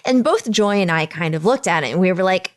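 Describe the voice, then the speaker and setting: A woman's voice: lowish voice, animated, a little fast. A woman co-hosting a podcast, chatting casually and laughing often as she recaps cartoons. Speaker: podcast co-host.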